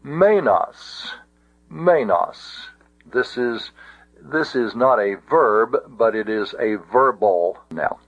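A man teaching a Greek grammar lesson, speaking deliberately with frequent restarts. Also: mid-range voice, lively intonation, breathy edge. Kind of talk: classroom lecture. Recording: dull lo-fi audio.

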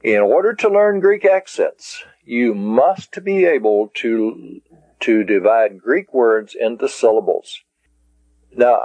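A man teaching a taped language lesson, speaking deliberately and spelling words out syllable by syllable. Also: mid-range voice, mellow, dry recording. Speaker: Greek teacher. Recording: dull lo-fi cassette tape.

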